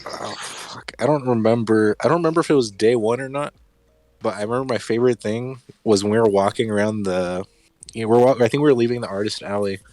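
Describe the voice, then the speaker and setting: A man's voice: lowish voice, fast, dry recording, soft background music, poor audio. A young man co-hosting a podcast, telling stories in a casual, profane way. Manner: profane, animated storyteller. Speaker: podcast co-host. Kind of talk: casual chat among friends.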